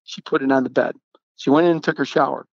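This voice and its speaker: A middle-aged man, a podcast guest, telling a personal story in an earnest, halting way and acting out the dialogue. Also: medium pitch, fairly even intonation, creaky, dry recording. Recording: dull, dry lo-fi sound.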